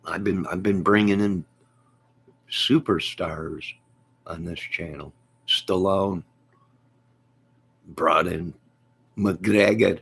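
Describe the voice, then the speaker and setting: A man hosting his channel in loose, joking talk. He has a gravelly, husky voice, low-pitched and slow. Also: fairly even intonation, a bit bright. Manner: joking, repetitive, laughs often. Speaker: host of a movie and music channel. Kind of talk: casual rambling chat.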